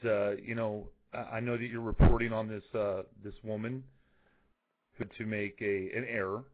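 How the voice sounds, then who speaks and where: A man's voice: lowish voice, level tone, moderate pace, noisy background. A man calling in to a radio show, hesitant and stammering as he makes his case. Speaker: radio caller. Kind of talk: call-in conversation. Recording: tinny phone line.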